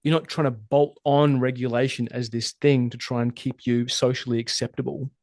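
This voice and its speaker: A man talking as a relationship coach in a podcast interview, animated and emphatic, swearing freely. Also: medium pitch, normal speed, no echo, clean studio sound. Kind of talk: casual interview conversation.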